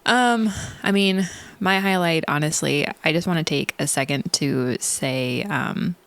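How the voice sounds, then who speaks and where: A woman's voice: low voice, measured pace, a bit bright, dry recording. A woman co-hosting a podcast in an earnest, chatty way, with frequent "like" and "um". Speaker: podcast co-host. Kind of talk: casual conversational chat.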